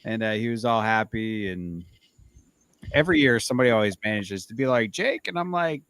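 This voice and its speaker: Lively man in a dry room. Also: on the low side, a little fast, smooth, dry recording. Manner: animated, swears, bursts into laughs. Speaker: podcast co-host. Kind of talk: casual chat.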